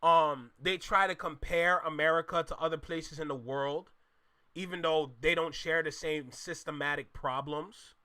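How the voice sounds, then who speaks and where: A man's voice: on the high side, steady tone, moderate pace, pushed and bright. A young man from Canada, hosting a casual live reaction stream, talking animatedly to his chat with exclamations and slang. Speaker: reaction channel host.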